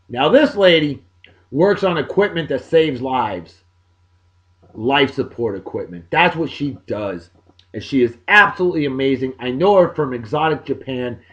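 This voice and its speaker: A middle-aged man, hosting a casual podcast and giving exuberant, folksy birthday shout-outs. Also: on the high side, lo-fi sound. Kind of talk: casual chat.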